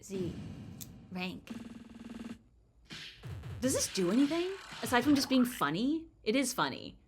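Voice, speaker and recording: A young woman streaming a video game, reacting with excited, swearing, laughing commentary. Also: a little high, unhurried, background noise. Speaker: gaming streamer. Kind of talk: excited casual let's-play commentary. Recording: game music under voice. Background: game music.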